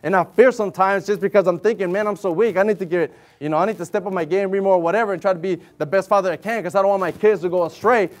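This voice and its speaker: A man with a noticeably high-pitched voice delivers a sermon, talking to his listeners like friends but leaning hard on the words that matter. When he reads from the Bible he slows into a steady, measured cadence. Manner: earnest and conversational, rising to emphatic stresses; reads scripture in slow, measured King James cadence. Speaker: lay preacher.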